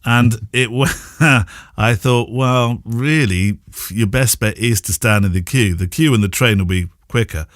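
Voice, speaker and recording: A man's voice: medium pitch, unhurried, no room sound, studio quality. A man co-hosting a podcast, chatting casually and telling jokey stories with frequent laughter. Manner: jokey, animated storyteller who laughs often. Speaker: podcast co-host. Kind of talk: casual chat.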